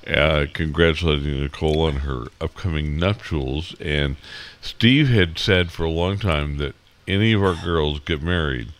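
A man's voice: extremely low pitch, unhurried. A middle-aged man hosting a morning radio show, stuffy and sniffling from a cold, rambling with many fillers. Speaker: radio host. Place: radio studio.

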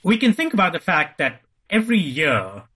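Husky male guest author, methodical explainer, lays out hypotheticals step by step. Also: a little high, big pitch swings, moderate pace, sharp tone. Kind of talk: podcast interview.

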